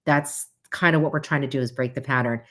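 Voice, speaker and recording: A woman hosting a casual livestream talk and chatting to her audience, animated, with frequent laughs and asides. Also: fairly quick. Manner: animated, acts out quoted voices with big pitch jumps. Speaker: host.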